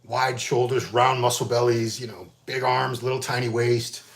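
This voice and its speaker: A man's voice: medium pitch, level tone, moderate pace, gravelly. A man, chatting casually and rambling in a solo vlog as a bodybuilding magazine host. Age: 50s. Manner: rambling, conversational, frequent fillers and restarts.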